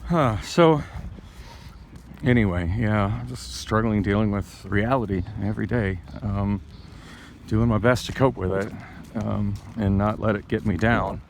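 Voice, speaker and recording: A man talking to camera in a rambling, halting way, with many fillers and restarts, while out on a city street. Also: on the low side, a little hiss or hum. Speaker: vlogger. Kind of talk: casual vlog monologue.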